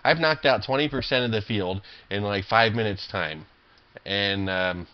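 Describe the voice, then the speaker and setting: Low-voiced man, cranky and foul-mouthed, talks over his poker games in a muffled lo-fi take. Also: a little slow, smooth. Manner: irritable, swearing, rambling with many fillers and restarts. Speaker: online poker player commentating his own games. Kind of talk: profane live game commentary.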